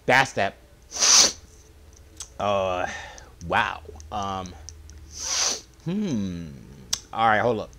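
Excitable deep-voiced man gaming. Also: slow pace, long pauses. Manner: excitable, swears a lot, talks to viewers. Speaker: gaming video creator. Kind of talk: casual let's-play commentary.

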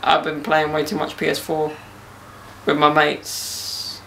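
A man's voice: on the high side, monotone, slow, gravelly, sharp tone, a little hiss or hum. A young man hosting a casual podcast outdoors in a garden, bantering and joking with slang. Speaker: podcast host.

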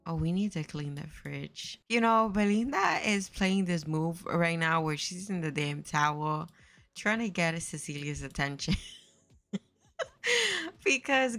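A woman's voice: low-pitched, a bit bright. A young woman casually commenting on her life-sim game, chatty and sassy, swearing and voicing her characters. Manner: chatty, swears, voices her Sims sassily. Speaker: let's play host.

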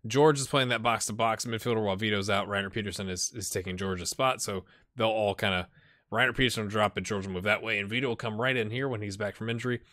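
Bright-voiced man chatting over a football sim. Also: lowish voice, quick pace, no room sound, clean studio sound. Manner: chatty, self-mocking, jokes and muttered asides. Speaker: gaming channel host. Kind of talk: casual let's play commentary.

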